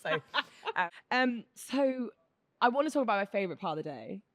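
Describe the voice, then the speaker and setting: Chatting with lively intonation and a slightly fast pace, a woman co-hosting a podcast spins a story and performs the quotes herself. Her voice is mid-range, with no echo.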